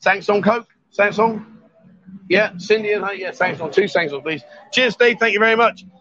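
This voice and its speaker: Man, high voice, jokey live-stream host in a bar, dull lo-fi sound. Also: moderate pace, pushed and bright. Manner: jovial, teasing banter. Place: bar, indoors.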